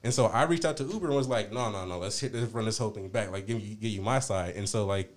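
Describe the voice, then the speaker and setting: A man's voice: on the low side, fast. A man hosting a podcast, telling a story in casual, profane talk and acting out both sides of the argument. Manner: animated, profane, quoting himself and others. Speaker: podcast host.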